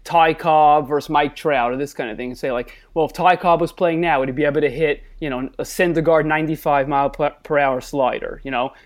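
A man's voice: on the high side, steady tone, fairly quick, hardly any pauses. A man with a thick Long Island accent, a talkative, analytical guest judge on a casual podcast, mocking himself as he goes. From Long Island, New York.

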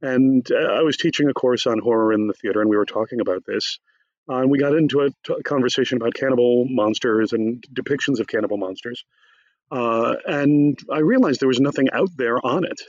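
A wry, chatty male academic, a professor of theater who also writes, tells lively stories in a conversational interview, speaking fairly quickly in a mid-range voice. Recorded on a close, dry mic with no echo, the audio is slightly dull and lo-fi.

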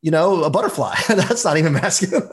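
A man who is a performance coach, talking as a guest in a casual interview, energetic, emphatic and motivational. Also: fairly high pitch, normal speed.

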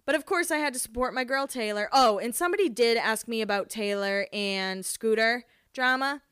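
A woman's voice: fairly high pitch, normal speed, a bit bright, clear, resonant tone, no room sound, studio quality. Chatty, swearing woman in her twenties. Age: 20s. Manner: chatty and candid, swears freely, laughs often. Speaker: podcast host. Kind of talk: casual storytelling chat.

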